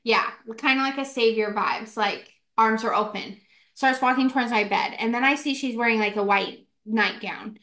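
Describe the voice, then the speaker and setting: A young woman in her twenties telling a ghost story in casual podcast chat, animated and full of "like" fillers. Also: fairly high pitch. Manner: animated, fast, many "like" fillers, acts out quotes. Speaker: podcast co-host.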